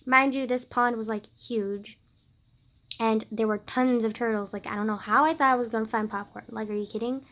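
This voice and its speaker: A girl in her late teens chatting casually to camera, telling a story with lots of "like," swinging between loud outbursts and quiet asides. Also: fairly high pitch, steady tone, moderate pace. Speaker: vlogger.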